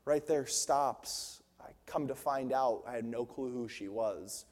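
A young man with a medium-pitched, darkish voice preaches unhurriedly from the stage of a large church hall, where long reverb trails his words. He shares personal stories and builds toward fervent, emphatic preaching.

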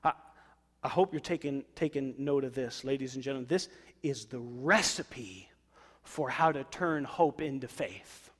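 A man preaching a sermon, swinging between loud emphatic lines and soft, low asides. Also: measured pace, in a large hall. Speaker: pastor.

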